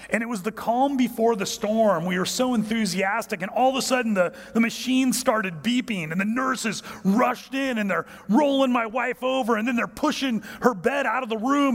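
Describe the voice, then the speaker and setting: Male pastor, high voice, sermon storyteller who drops to a hush for key points, reverberant hall sound. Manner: storytelling, drops to a hushed, low voice for emphasis.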